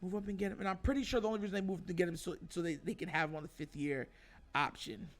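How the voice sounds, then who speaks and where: A man with a high-pitched voice hosts his own sports show and delivers an emphatic, animated opinion monologue, talking straight to his viewers. Faint music plays underneath him. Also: fast. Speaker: host.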